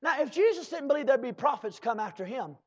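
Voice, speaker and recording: A preacher man delivers a fiery sermon in a very high, lively, husky voice. He swings between shouted bursts and slow drawled asides, calling out to the congregation. The recording sounds dull and lo-fi.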